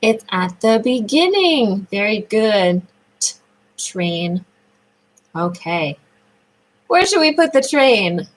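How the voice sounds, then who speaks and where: A woman speech therapist leading a children's sound lesson, praising often and drawing out words slowly in a sing-song way. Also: mid-range voice, very animated, low-quality recording.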